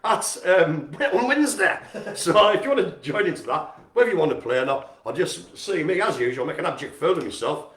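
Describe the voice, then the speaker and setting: A man hosting a community centre's live stream, giving casual, jokey shout-outs and poking fun at himself. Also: a little high, lively intonation, brisk, few pauses. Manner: chatty, jokey and self-mocking. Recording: roomy echo.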